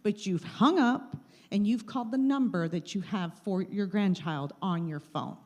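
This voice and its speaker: A woman's voice: mid-range voice, measured pace, darkish tone. Woman warning an audience about scams. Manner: plain, repetitive warnings, acts out scam calls. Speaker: presenter of a scam-awareness talk. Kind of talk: live talk to a small audience. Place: meeting room with an audience. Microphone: handheld mic.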